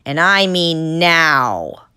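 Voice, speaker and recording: A woman's voice: deep voice, expressive, normal speed, vocal fry, full character voice. Woman doing a bullying, barking security guard. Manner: barking, bullying, shouting orders. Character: gruff menacing male zoo security guard.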